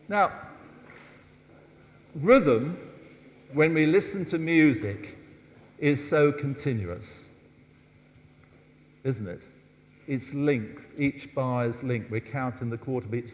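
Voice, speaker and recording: Older dance teacher in a big hall. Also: male voice, mid-range voice. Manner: coaxing, asks "yes?" often, counts out steps. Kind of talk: dance workshop lesson. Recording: dull distant hall sound.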